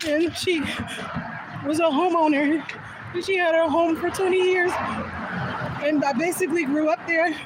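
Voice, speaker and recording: High-voiced woman telling her story. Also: steady tone, moderate pace, pauses often, background noise. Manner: candid, laughs often. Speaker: vlogger. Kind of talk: personal storytelling vlog. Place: in a car.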